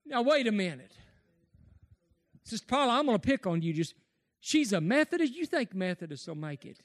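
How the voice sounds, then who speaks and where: A man preaching a sermon, impassioned, rising to shouts and tearful cries. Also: high voice, very animated, moderate pace.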